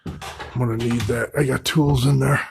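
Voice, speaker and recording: Brief: male paranormal vlogger on his own in a dark old store, mid-pitch voice, loud calls then hushed asides. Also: fairly even intonation, normal speed, creaky, slight background noise. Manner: talks to spirits and camera, shifts between loud calls and hushed asides. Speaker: paranormal investigator. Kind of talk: solo ghost-hunting vlog narration. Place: old store building at night, indoors.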